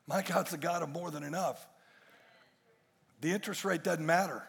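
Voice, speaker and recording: A man preaching a sermon in a church with a high, gravelly, husky voice. He drives his points home with rhetorical questions and quips to the congregation. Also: animated, measured pace, long pauses, big-room sound. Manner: emphatic, rhetorical questions and jokes. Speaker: pastor. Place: church stage before a congregation.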